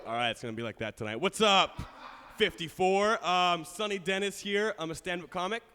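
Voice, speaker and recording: A man's voice: high-pitched, animated, brisk, sharp tone, clean tone. Brash young man doing stand-up. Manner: brash, crude jokes with frequent laughter. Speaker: stand-up comedian. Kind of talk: stand-up comedy set. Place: studio stage with live audience. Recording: live audience with long hall reverb.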